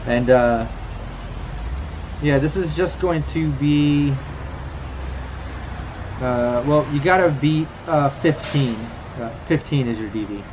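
A man's voice: on the high side, takes it slowly, pauses often, background noise. A man acting as game master, narrating and ruling on a tabletop game in a loose, rambling way. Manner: loose, rambling, lots of fillers.

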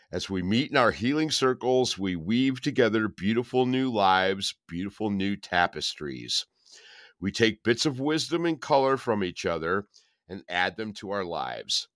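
Deep, lively-voiced man, dry joker. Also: dry recording. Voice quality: rough, husky voice. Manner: dry, joking, rambling. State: recovering from covid, foggy. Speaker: podcast co-host. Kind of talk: casual chat and devotional reading.

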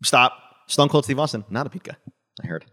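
A man co-hosting a podcast, bantering and boasting in quick casual chat. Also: mid-range voice, animated, bright, forceful tone. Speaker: podcast co-host.

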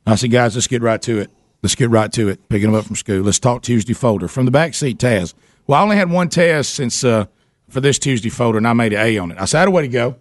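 A man hosting a radio show, telling a story in a casual, animated way with laughter and repeated words. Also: mid-range voice, fast talker, no room sound, clean studio sound.

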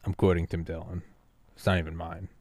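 A man's voice: deep voice, level tone, a little fast, a little mellow, no room sound. A young man hosting a podcast in casual chat, rambling through loose asides and laughing often. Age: young adult. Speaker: podcast host.

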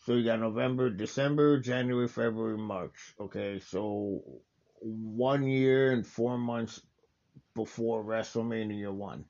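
A man hosts a casual watch-along and talks through the matches, rambling and enthusiastic, often circling back with fillers and restarts. His voice has a gravelly, fry-laden texture, and the recording sounds a little dull and lo-fi. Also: lowish voice, fairly even intonation, unhurried, a little mellow.

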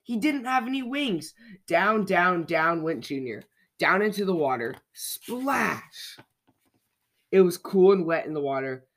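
Here a children's picture book is read aloud by a podcast storyteller in a lively, expressive way, at medium pitch and moderate pace.

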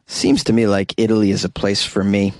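A man's voice: on the low side, level tone, brisk, no room sound. A man hosting a call-in talk radio show, reading news stories and adding wry, sarcastic asides in a chatty manner.

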